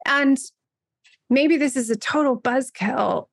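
Woman host, bubbly and animated, bright higher pitch, dry close-miked read. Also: takes it slowly, vocal fry, no room sound. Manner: bubbly, animated, laughs often. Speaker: podcast host. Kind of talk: casual podcast conversation.

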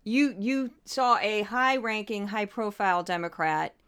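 Impassioned woman podcast host, smooth voice. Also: mid-range voice, unhurried, a bit bright. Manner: impassioned, indignant, getting worked up. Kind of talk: opinionated podcast commentary.

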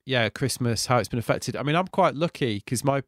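A man in his thirties, co-hosting a podcast in a relaxed, chatty, self-deprecating way. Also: medium pitch, a little fast, dry recording, clean studio sound. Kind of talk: casual chat.

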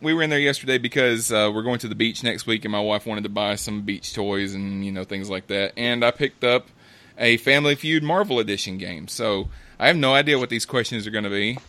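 A man hosting a podcast in casual chat, talkative and quick to laugh, correcting himself as he goes. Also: on the low side, sharp tone. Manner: chatty, laughs often, loose self-correcting delivery. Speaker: podcast host. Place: home setup on a remote call.

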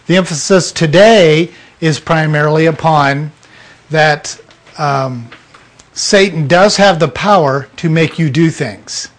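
Blunt, emphatic male preacher. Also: fairly high pitch. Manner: blunt, emphatic, acts out little scenes. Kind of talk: informal sermon to a small group.

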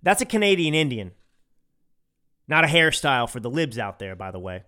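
A man's voice: medium pitch, very animated, brisk, bright, forceful tone. A man from the United States hosting a podcast, giving emphatic, ranting political commentary and repeating phrases for effect. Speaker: podcast host.

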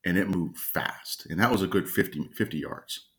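A man casually telling a personal story at home, unhurried and often clearing his throat. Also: deep voice, fairly bright tone. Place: at home with a dog nearby.

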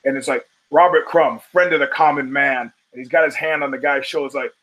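A man's voice: medium pitch, fairly even intonation, brisk, a bit bright, low-quality recording. A man hosting a solo podcast, talking in a wry, profane, digressive way with emphatic punches. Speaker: podcast host.

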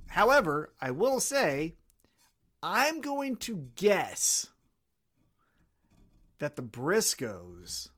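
Guy cohosting a wrestling podcast, super animated voice, loose and sweary. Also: fairly high pitch. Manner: animated, swears casually, loses track of names. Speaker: podcast co-host. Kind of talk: casual wrestling podcast chat.

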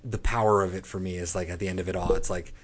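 A man with a low, husky voice rambles with enthusiasm through a casual music podcast chat, swearing now and then. His delivery is loose and conversational. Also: steady tone, racing. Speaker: podcast co-host.

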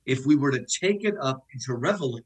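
Husky-voiced man teaching over a call. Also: mid-range voice, lively intonation, quick pace. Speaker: guest professor. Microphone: video call.

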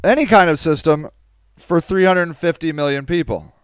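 Hosting a podcast livestream, a worn-out man with a blocked nose rambles casually, restarts often, and reads viewers' comments out loud. His voice sits on the high side, clear and resonant, at a normal speed with no echo.

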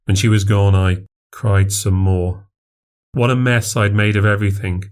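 A man's voice: fairly low pitch, steady tone, normal speed, darkish tone. A man narrating a first-person horror story for a podcast, in a confessional, plainspoken way.

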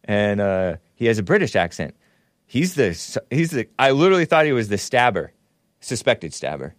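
A man's voice: on the low side, very animated, normal speed, no room sound, studio quality. A man hosting a call-in talk show, rambling and laughing as he reads comments and takes calls. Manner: rambling, laughs often, restarts mid-sentence.

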